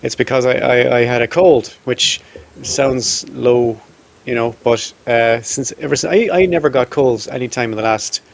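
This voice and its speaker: A man's voice: mid-range voice, moderate pace, creaky. Jokey man getting over a cold. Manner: rambling, swearing, jokey. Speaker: podcast host. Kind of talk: casual chat.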